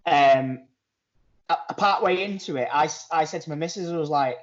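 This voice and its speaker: A man co-hosts a podcast in relaxed chat. His voice sits a bit high, and he likes to retell little stories and tack "innit" onto his sentences. The audio is dull and lo-fi. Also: normal speed. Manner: chatty, retells stories, tags lines with "innit". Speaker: podcast co-host. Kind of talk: casual chat. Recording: muffled lo-fi remote audio.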